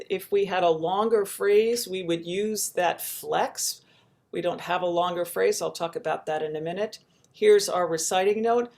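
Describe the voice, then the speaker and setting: A woman teaching a daily chant practice, speaking gently and slowly and breaking into sung chant lines to demonstrate. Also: mid-range voice. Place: home room with chair, screen share.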